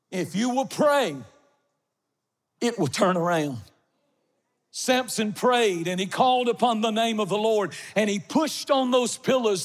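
High-voiced man preaching a fervent sermon. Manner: impassioned, swinging from soft to shouted emphasis. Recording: long reverb of a large hall.

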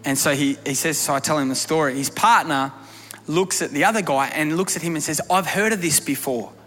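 Male preacher, emphatic storyteller, bright tone, echoing hall with faint music behind. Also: fairly high pitch, steady tone, brisk. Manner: emphatic, swinging from quiet to loud. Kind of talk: storytelling sermon.

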